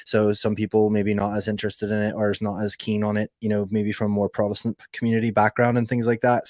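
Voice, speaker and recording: A man's voice: fairly low pitch, darkish tone, no room sound, studio quality. A man with a Northern Irish accent, a podcast guest chatting casually and rambling with lots of "like" fillers. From Northern Ireland. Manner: rambling, heavy use of "like" fillers. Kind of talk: casual conversational storytelling.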